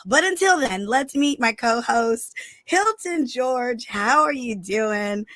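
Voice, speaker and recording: A woman hosting a podcast in casual chat, her voice hoarse as she gets over the flu, lively and quick to laugh. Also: fairly high pitch, no echo. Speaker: podcast host.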